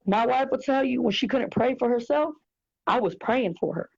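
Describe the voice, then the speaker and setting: A woman's voice: fairly high pitch, moderate pace, creaky, breathy edge. A woman as an interview guest, giving an earnest, heartfelt personal testimony with repeated phrases. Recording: dull lo-fi sound.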